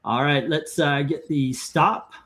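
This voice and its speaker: Higher-voiced man hosting a live stream. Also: takes it slowly, pushed and bright. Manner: reads out viewer comments and scores, chatty. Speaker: host of a live comic-cover ranking stream. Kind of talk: casual live-stream chat.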